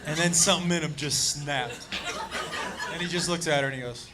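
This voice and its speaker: A man doing stand-up comedy, telling a story in an excitable, profane, animated way. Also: fairly high pitch, brisk. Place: comedy club stage. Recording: live club, loud crowd and noise. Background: audience laughter and noise.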